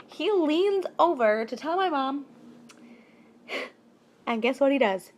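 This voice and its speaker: Woman vlogger, high voice, expressive and jokey storytime telling. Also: takes it slowly, lo-fi sound, slight background noise. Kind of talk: casual storytime narration.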